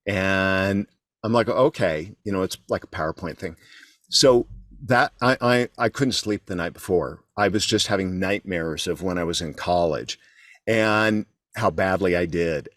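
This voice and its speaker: A man's voice: low-pitched, moderate pace, dry recording, studio quality. A middle-aged man, a guest on an interview show, telling a candid story about himself with frequent restarts. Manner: candid, self-deprecating, with restarts. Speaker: guest, keynote speaker.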